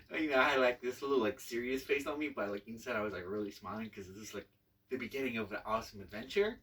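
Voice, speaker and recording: A man's voice: medium pitch, fast, a bit bright, far from the mic, low-quality recording. A man hosting his channel, telling a casual story about his service with many fillers and restarts. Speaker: channel host, Navy veteran.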